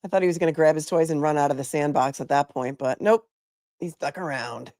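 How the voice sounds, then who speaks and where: A woman's voice: low-pitched, brisk, darkish tone. A woman attorney hosting a show, chatting casually and with opinions as she comments on a hearing video, her voice sounding sick. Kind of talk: live commentary on court video.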